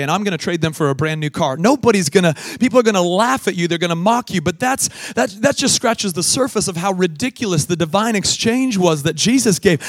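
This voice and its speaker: Emphatic preacher, higher male voice. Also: no echo, studio quality. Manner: swings from loud emphatic preaching to quiet storytelling; laughs at his own story. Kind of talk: sermon with a told childhood story.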